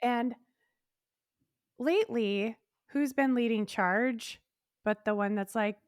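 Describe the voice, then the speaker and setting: Frank woman with a brightish, dry voice. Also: a little high, slow pace, no room sound. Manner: frank, animated, swears freely. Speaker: podcast co-host. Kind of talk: candid casual conversation.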